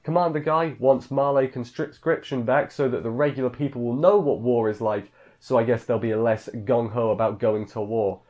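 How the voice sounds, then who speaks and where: A man's voice: medium pitch, steady tone, normal speed, few pauses, darkish tone. Casual male reviewer, offhand and chatty, dull lo-fi mic sound. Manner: rambling, offhand, filler-heavy, mimics characters in quotes. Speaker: anime reviewer. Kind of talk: casual episode recap.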